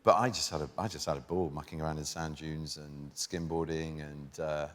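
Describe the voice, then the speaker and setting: A man's voice: a bass voice, steady tone, a little fast. An English man chatting as a talk show guest, self-deprecating and hesitant, with frequent restarts. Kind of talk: casual chat. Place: TV studio with live audience. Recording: reverberant studio with audience noise.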